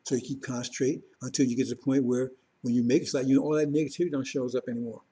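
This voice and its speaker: A man's voice: medium pitch, steady tone, very fast, warm tone, husky. A man preaching informally to his congregation, talking conversationally and repeatedly checking in with his listeners. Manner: conversational, repetitive, keeps checking in with "see?" and "you understand?". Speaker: religious teacher.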